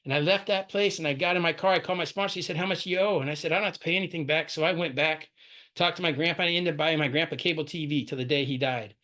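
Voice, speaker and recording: A man's voice: on the high side, racing, pushed and bright. A middle-aged man telling a candid recovery story at a meeting, with frequent "right?" asides. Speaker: speaker sharing recovery story. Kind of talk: recorded twelve-step share.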